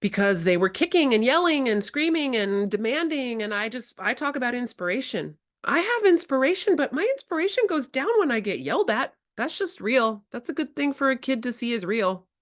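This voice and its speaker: This woman has a fairly high, sing-song voice and talks a little fast with hardly any pauses. She's running a workshop for educators, candid and reflective, performing the lines she quotes from herself.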